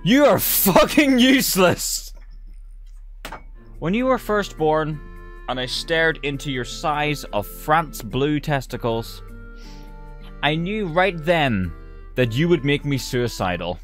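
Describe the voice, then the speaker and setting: A rather high-voiced man reads absurd fill-in-the-blank stories on a stream, his pitch swinging widely. He takes his time over most lines but rushes through asides and laughs at his own results. Faint music plays underneath. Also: sing-song, fairly bright tone. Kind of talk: reading silly fill-in-the-blank stories aloud.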